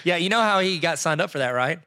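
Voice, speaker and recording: A man co-hosting a casual movie podcast who quickly tells film trivia anecdotes. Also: a little high, expressive, pushed and bright, clean tone, no echo, studio quality. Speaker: podcast co-host.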